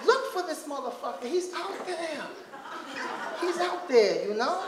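A man's voice: extremely high pitch, very animated, unhurried, noisy background. A man doing a stand-up set in a comedy club, swearing and rambling with constant "you know" asides. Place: comedy club stage before a live audience. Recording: echoey club, loud crowd laughter.

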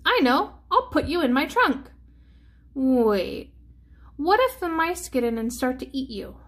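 A woman's voice: high voice, sing-song, measured pace, a bit bright, full character voice. A woman voicing a grumpy old man who grumbles and scolds his worn-out hat in a storybook read-aloud. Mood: grumbling. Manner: scolding, muttering to himself.

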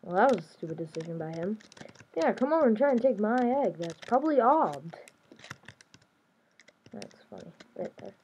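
Chatty and playful, a young woman YouTuber narrates her own video game play, talking to herself as she goes. She speaks fairly quickly in a sing-song, medium-pitched voice with a darkish tone. The rough recording has slight background noise and keyboard and mouse clicks.

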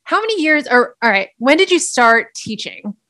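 A woman interviewing, asking questions in a curious way with halting restarts. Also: sits high, sing-song, pushed and bright, no echo, clean studio sound. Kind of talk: casual interview.

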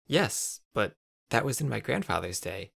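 A man's voice: on the low side, sing-song, measured pace, gravelly, fairly bright tone, no echo, clean studio sound, full character voice. A man voicing a weary, impatient young traveler in a raised, strained tone.

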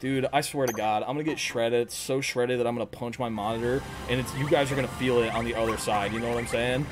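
A man livestreaming a video game, chatting to viewers in a jokey, excitable and profane way. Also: medium pitch, fast, noisy background. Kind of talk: casual gaming livestream chat. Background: game music.

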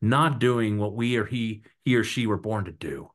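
A man guesting on a podcast, talking in an animated, preachy motivational style full of stories and punchy repeated lines. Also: on the low side, normal speed. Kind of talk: motivational interview talk.

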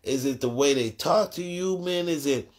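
A man with a Boston accent hosting a live call-in talk show, laid-back when asking questions and profane and excitable in loud, high bursts. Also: moderate pace. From Boston area. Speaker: host.

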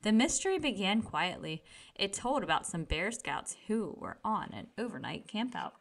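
A woman reads a children's picture book aloud, telling the story gently and expressively. Her voice is medium in pitch and she reads at a normal speed.

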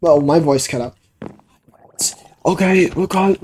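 A man's voice: fairly high pitch, slow, pauses often, darkish tone, a little hiss or hum, poor audio. A man giving casual gameplay commentary on a cheap home microphone, rambling and swearing when things annoy him. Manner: rambling, profane, easily exasperated. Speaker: let's play gamer. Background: background music.

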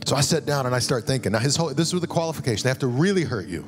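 A man's voice: medium pitch, expressive, racing, hardly any pauses, music in the background. A man preaching a sermon as a guest pastor, telling stories in a conversational way and acting out the lines he quotes.

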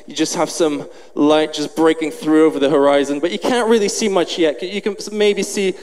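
A man's voice: a little high, normal speed. A man preaching a sermon, animatedly acting out a story and out of breath. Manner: animated, acts out the scene. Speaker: pastor. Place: large church hall. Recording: long hall reverb, faint noise.

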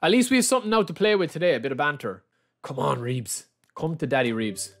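An Irish man talking through a live stream as he opens player packs. His voice sits a little high for a man and swings widely in pitch. He keeps repeating his reactions and calls his viewers lads. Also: lively intonation, fast talker, fairly bright tone, slight background noise. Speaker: game streamer. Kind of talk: live-stream pack-opening commentary.

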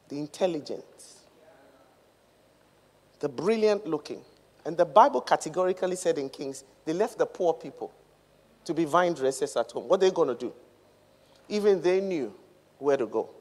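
A woman reverend from England preaches with emphatic, repeated phrases that build in cadence. Her voice is low and a little mellow, and a large hall gives the recording a long reverb.

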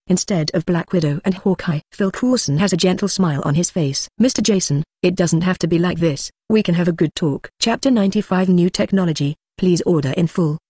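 A synthetic voice giving an even, scripted audiobook narration. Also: medium pitch, slightly rough, no echo, clean studio sound.

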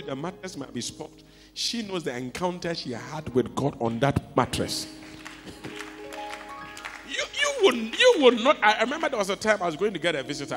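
Animated preacher with a lively high voice. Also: male voice. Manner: animated preaching, swings from soft to shouting. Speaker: pastor. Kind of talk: sermon. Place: church hall. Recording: long hall reverb with faint music.

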